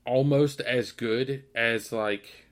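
A man's voice: medium pitch, steady tone, takes it slowly. Easygoing male podcast co-host. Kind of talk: casual chat.

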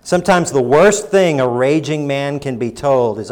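A pastor delivers a sermon, his voice swelling into emphatic bursts and then sinking low and quiet. Now and then he acts out quoted lines in mocking voices, staying animated at a normal speed.

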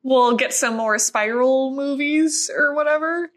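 A woman's voice: high-pitched, measured pace. A woman co-hosting a casual film chat, playful and easily amused. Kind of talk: casual chat about films.

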